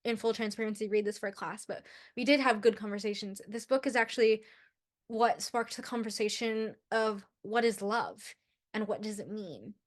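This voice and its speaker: A woman's voice: medium pitch, moderate pace. A young woman hosting a book vlog, chatting casually and gushing over favorite quotes, often restarting her sentences. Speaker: book vlogger. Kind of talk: casual book review chat.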